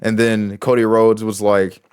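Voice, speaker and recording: Man, low voice, dry close sound, casual rambling commentary, lots of restarts. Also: little pitch movement, a little slow, darkish tone, clear, resonant tone, no room sound. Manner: rambling, with many restarts and fillers. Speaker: wrestling show reviewer.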